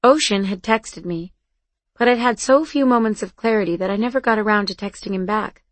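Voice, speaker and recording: Woman reading a novel in first person, quiet and low-key, middle pitch, dry close mic. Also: brisk, no room sound. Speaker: audiobook narrator. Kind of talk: scripted first-person narration.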